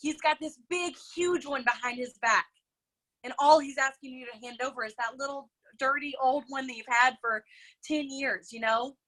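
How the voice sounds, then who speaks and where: This is a woman hosting a motivational video call, emotional and gushing as she speaks to the group. Her voice sits slightly high and rings bright and clear. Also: moderate pace, poor audio. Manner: effusive and emotional, addresses the group as y'all.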